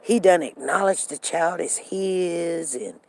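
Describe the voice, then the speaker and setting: A woman in her fifties hosting a live show, animated and acting out the other people's lines as she tells a story to her viewers. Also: lowish voice, takes it slowly, gravelly, low-quality recording.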